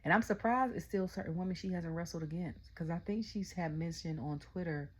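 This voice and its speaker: A young adult woman, ranting casually about a wrestling event, telling it in animated quotes and often asking "okay?". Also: on the low side, a little fast, slight background noise. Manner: animated storytelling, quotes her own reactions, frequent "okay?". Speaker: wrestling review vlogger. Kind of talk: casual rant.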